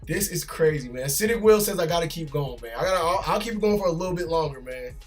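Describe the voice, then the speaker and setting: A man's voice: fairly high pitch, expressive, fast talker, faint music behind. A man who is an army drill sergeant, vlogging from his gaming chair at home in a loose, chatty way. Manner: loose and chatty, often tags "man" and "bro". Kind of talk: casual reaction vlog.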